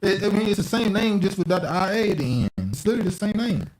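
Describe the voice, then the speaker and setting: A man's voice: high-pitched, expressive, fast, darkish tone, no echo, clean studio sound. A man hosting a podcast, reading news headlines aloud and riffing on them in a loose, argumentative chat. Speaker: podcast host.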